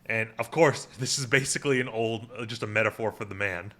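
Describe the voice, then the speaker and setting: Bright-voiced man recapping an episode. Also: fairly low pitch, fairly quick. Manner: recaps scenes by paraphrasing lines, many fillers and "like". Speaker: podcast co-host recapping an episode. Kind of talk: casual chat.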